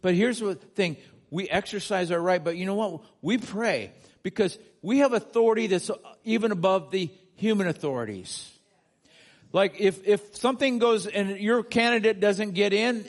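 A male pastor preaching a sermon from the United States, earnest, building to emphatic peaks and asking the congregation questions. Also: high voice.

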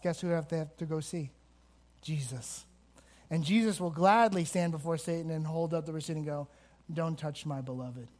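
A man preaching a sermon to a congregation, swinging between emphatic rises and slow, quiet stresses. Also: a little high. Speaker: pastor. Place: church hall with a congregation.

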